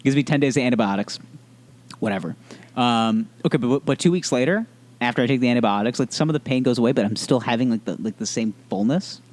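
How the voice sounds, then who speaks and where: A man in his twenties co-hosting a podcast, telling a story in casual chat, animated, swearing a lot and acting out what others said. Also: medium pitch, fast talker. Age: 20s. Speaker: podcast co-host.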